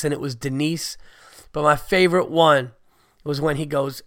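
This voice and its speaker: In his thirties and fighting a cold, this podcast host delivers a casual, rambling monologue full of profanity and enthusiasm. His voice is a little high and somewhat bright, with fairly even intonation at a normal pace, captured in echo-free studio quality.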